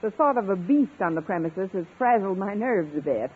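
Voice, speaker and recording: An actress playing a quick-witted, wisecracking woman English teacher in a 1950s radio comedy. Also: medium pitch, animated, slightly rough. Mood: playful. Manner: wisecracking, playful. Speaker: schoolteacher. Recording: tinny old radio broadcast with studio audience laughter.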